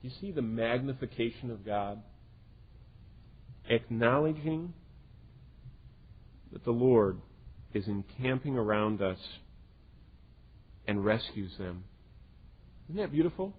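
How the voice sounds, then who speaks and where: A man preaching a sermon with a slightly husky, breathy voice, earnest and swinging from loud emphasis to hushed quiet. The recording is lo-fi and narrow, almost like a phone line. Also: medium pitch, expressive, slow pace, pauses often. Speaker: pastor.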